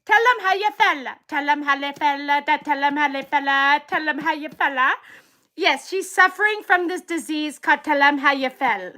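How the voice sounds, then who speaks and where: A woman's voice: sits high, normal speed, bright, forceful tone. A woman who grooms dogs, hosting a silly improvised live skit in a playful, repetitive way and breaking into laughs.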